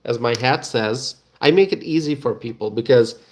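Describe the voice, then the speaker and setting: A middle-aged man, hosting a casual live stream and chatting to viewers, halting and full of fillers and restarts. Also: medium pitch, a little mellow. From Bangladesh.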